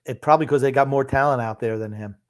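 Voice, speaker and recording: A man's voice: medium pitch, fast talker. A man co-hosting a sports podcast, giving blunt, grumpy opinions in casual chat. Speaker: podcast co-host.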